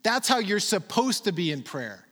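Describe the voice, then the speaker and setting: A man doing a relaxed, approving Jesus. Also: sits high, normal speed, in a large hall, full character voice. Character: easygoing Jesus praising a bold friend.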